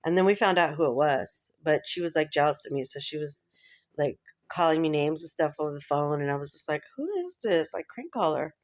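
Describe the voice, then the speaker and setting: A woman's voice: low voice, steady tone, a little fast. A woman vlogger talking in a rambling, casual chat to camera, laughing often between thoughts.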